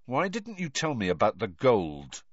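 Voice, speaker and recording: A man's voice: medium pitch, wildly swooping pitch, a little slow, no room sound, muffled recording, voice pushed up. A man voicing a sulky, resentful teenage schoolboy who mutters sullenly, in a storybook reading.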